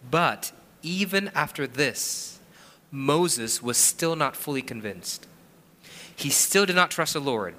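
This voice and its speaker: A man's voice: mid-range voice, pushed and bright, big-room sound. A man preaching a sermon, walking through scripture verse by verse and acting out quotes and a family story. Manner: expository preaching with acted-out quotes and personal anecdotes. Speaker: pastor.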